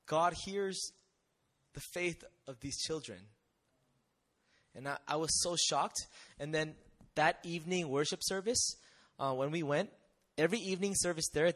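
A young man with a bright, slightly high voice tells his testimony to a live audience. He speaks conversationally and animatedly, often stopping to ask rhetorical questions. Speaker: missionary speaker.

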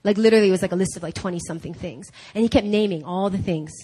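A woman preaching a sermon at a church service, telling a personal story in an animated way. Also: mid-range voice, rapid-fire, slightly rough. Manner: animated, acts out quoted dialogue.

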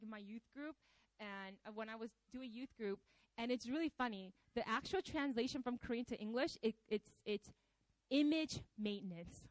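A woman preacher giving a conversational, animated sermon, often slipping into acted quotes. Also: high voice, no echo, low-quality recording.

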